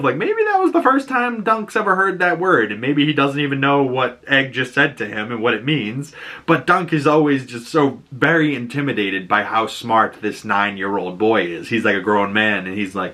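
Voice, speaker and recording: A man podcasting in a relaxed, rambling recap, his voice bright and forward. He curses casually and slips into quick voices for the characters. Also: mid-range voice. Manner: chatty, profane, acts out quotes. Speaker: podcast host.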